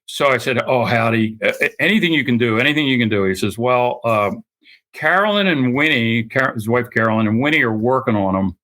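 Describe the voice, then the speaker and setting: Older male guest storyteller; bright, animated delivery with quoted voices. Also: medium pitch, a little fast. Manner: anecdotal, acts out quoted voices, laughs often. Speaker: guest author. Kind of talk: storytelling interview.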